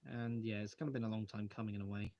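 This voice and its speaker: A young man livestreaming a brick-model build talks fast in a fairly low voice with fairly even intonation, and the audio is dull. He rambles while disassembling models at his hobby-room desk at home, reading out questions from viewers.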